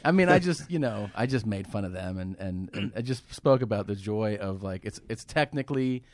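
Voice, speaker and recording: A man's voice: on the low side, lively intonation, brisk, a little mellow, no echo. A man, a comedian, telling stories in a casual podcast studio chat, swearing freely and laughing as he goes. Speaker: comedian guest. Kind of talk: casual storytelling conversation.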